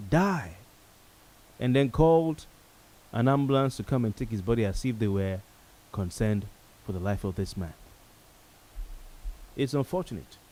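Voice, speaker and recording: Guy hosting a talk show, serious and heavy, keeps repeating himself to hammer it in, middle-pitched voice. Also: mellow, rough recording. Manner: grave, repeats phrases for emphasis, addresses viewers directly. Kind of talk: solemn talk show monologue.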